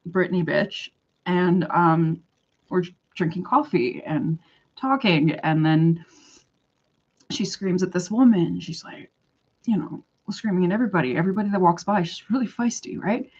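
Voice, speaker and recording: A young woman from western Canada telling a long personal story in a casual vlog, chatty and animated, acting out what people said. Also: fairly low pitch. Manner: animated, chatty, full of "like" and quoted dialogue. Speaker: vlogger. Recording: dull lo-fi recording.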